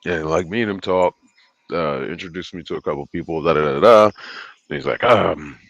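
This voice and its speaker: A man's voice: sits low, a little fast, dry recording, dull audio. A man hosting a livestream, telling a casual, profane, rambling story and laughing often. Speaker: livestream host.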